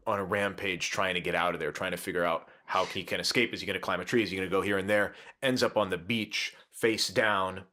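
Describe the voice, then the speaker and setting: A man's voice: low voice, fairly bright tone. A man on a podcast, casually retelling a novel's plot in a rambling way and laughing now and then.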